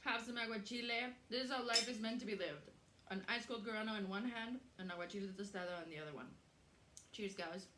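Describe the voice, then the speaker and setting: A woman's voice: mid-range voice, fast, noisy background. A young woman hosting a casual cooking vlog in her home kitchen, chatty, swearing freely and laughing easily. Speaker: cooking show host. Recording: roomy kitchen echo.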